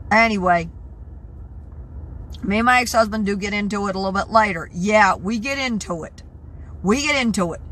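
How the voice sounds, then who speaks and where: A tired woman in her sixties talking in a casual vlog, stressed and halting, often repeating herself and restarting sentences. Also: medium pitch, a bit bright. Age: 60s. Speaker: vlogger. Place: in her truck at a truck stop.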